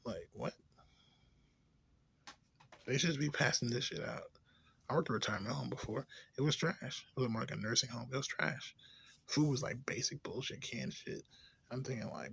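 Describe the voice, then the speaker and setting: A man ranting in a rambling, profane, casual way, drifting between low mutters and louder outbursts. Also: lively intonation, normal speed, gravelly, pauses often, slightly rough. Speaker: vlogger.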